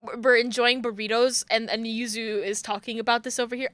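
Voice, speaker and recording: Giggly, high-voiced woman streamer. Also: little pitch movement, a little fast, a bit bright, no echo. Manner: giggly, playful, crude joking. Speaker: game streamer. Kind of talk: casual game playthrough.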